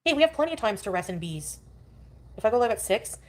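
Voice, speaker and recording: A woman's voice: fairly high pitch, big pitch swings, quick pace. A woman on a live stream, chatting loosely and greeting viewers as she rambles between topics. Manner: rambling, greets chat often. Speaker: livestreamer. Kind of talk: casual live stream chat.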